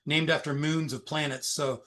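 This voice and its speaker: A man's voice: on the high side, moderate pace. A middle-aged man, a recruiter, retelling a workplace story as a guest in a conversational interview. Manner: animated, anecdotal retelling.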